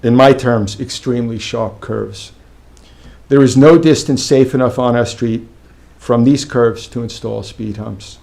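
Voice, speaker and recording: A man's voice: mid-range voice, a little slow, vocal fry, a little mellow. A man, a local resident, reading a firm, factual prepared statement during public comment at a village board meeting.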